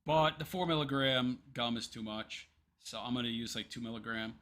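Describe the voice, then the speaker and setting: Bright-voiced rambling male streamer. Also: mid-range voice, moderate pace. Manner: rambling, hesitant, many ums and restarts. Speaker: livestream commentary host. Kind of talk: casual livestream commentary.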